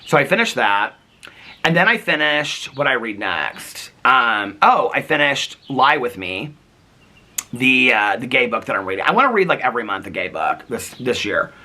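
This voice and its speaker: A man's voice: mid-range voice, big pitch swings, normal speed, pushed and bright. A man vlogging in casual chat, telling stories with acted-out quotes and frequent laughs. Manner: chatty storyteller, acts out quotes, laughs often.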